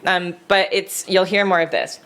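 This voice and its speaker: A lower-pitched woman talks through horn practice tips in a loose, chatty teaching style. She laughs often and breaks off for quick horn demos, and the sound of a brass instrument comes through behind her voice. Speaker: podcast co-host, horn player. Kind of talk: casual teaching chat about horn practice.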